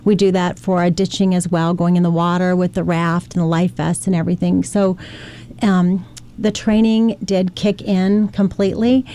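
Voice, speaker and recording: A woman's voice: lowish voice, level tone, normal speed, dark tone. A middle-aged woman from Ohio, earnestly recounting a past experience as a guest on a radio interview. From Ohio, United States. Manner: earnest, emotional storytelling with acted quotes. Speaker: interview guest, flight attendant.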